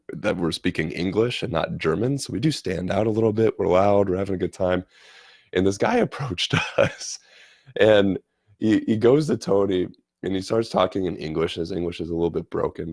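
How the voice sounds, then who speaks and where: A man telling a travel story in a casual, animated way, often repeating words and restarting his sentences. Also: deep voice, creaky, dry recording, studio quality.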